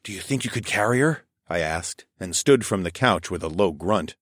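A man narrates a story in the first person with a calm, measured delivery. His voice sits low. The recording is dry and close, with no room sound. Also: no echo. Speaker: narrator and lead character.

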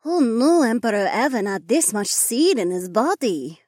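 A man voicing an eager, breathless young woman in an audiobook, in a high breathy falsetto. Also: very animated, moderate pace, darkish tone, no room sound, clean studio sound, heavily acted. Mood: playful.

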